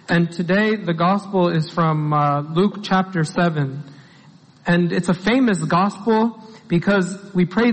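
A man's voice: sits high, long reverb tail, poor audio. A man giving a conversational sermon, telling the story plainly and repeating key phrases for emphasis. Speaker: preacher.

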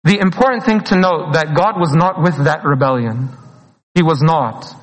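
Brief: male preacher, high voice, earnest pleading sermon, long hall echo. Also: normal speed. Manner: earnest, pleading, mixes in Arabic phrases, laughs between lines.

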